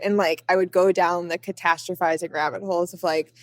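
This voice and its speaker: A woman's voice: fairly low pitch, fairly even intonation, fairly quick, hardly any pauses, no room sound, clean studio sound. A young woman talking casually as a podcast guest, filling her sentences with "like" as she reflects on her path. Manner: chatty, many "like" fillers. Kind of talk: casual conversation.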